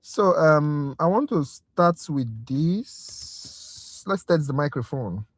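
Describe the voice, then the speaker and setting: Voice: medium pitch, lively intonation, takes it slowly, no room sound. Casting: chatty, exasperated livestream tutor, direct with viewers, dry close sound. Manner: exasperated, talkative rant; direct, addresses viewers as guys. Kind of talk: casual livestream review class.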